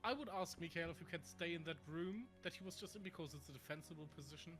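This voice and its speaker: A man's voice: on the high side, fast talker, loud music behind the voice. A man joining as a guest player in a tabletop game, talking earnestly and asking about the rules. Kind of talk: casual tabletop game chat.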